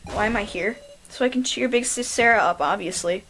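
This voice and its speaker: A woman's voice: medium pitch, brisk, fairly bright tone, slight background noise, close to an everyday voice. A woman voicing an earnest, encouraging boy who pleads in a sincere way.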